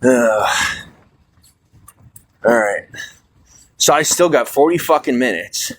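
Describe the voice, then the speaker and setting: A stressed, fired-up man venting on a livestream, swearing often and swinging from loud outbursts to low mutters. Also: lively intonation, takes it slowly, slight background noise. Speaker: livestream host. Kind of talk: angry livestream rant. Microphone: phone.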